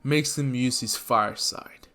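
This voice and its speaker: An arrogant grown fire hero, gruff and commanding, as a man reads him out in a fan-made story. His voice is bright, with a slow, bossy delivery. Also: mid-range voice.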